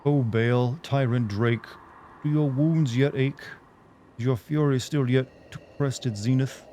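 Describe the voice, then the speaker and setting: A man voicing a solemn figure who invokes a tyrant dragon in a slow, grandiose recitation, with a mellow tone. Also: medium pitch, steady tone, a little hiss or hum, lightly acted.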